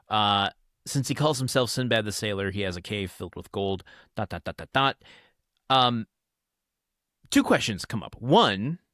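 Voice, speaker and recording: A man with a fairly low voice muses casually about a book he is reading aloud. He often corrects himself and fills pauses. The sound is dry and close. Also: a bit bright, no room sound. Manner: musing, self-correcting, with fillers. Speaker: audiobook reader and podcaster. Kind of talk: casual commentary on a novel.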